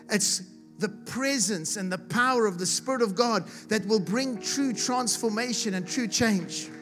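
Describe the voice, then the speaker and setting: A man from South Africa preaching a sermon with passion, building to shouts and repeating himself as he retells a story. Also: high voice. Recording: music playing behind the voice.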